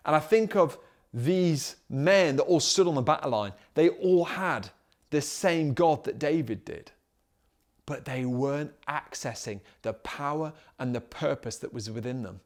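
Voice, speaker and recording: A man's voice: mid-range voice, expressive, measured pace, a little mellow. A man preaching a sermon as pastor, emphatic and full of rhetorical questions.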